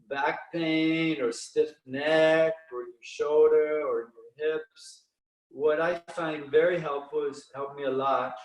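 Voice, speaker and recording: A man leading guided breathing and meditation exercises, counting breaths slowly and calmly with frequent restarts. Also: on the high side, roomy sound, far from the mic, rough recording.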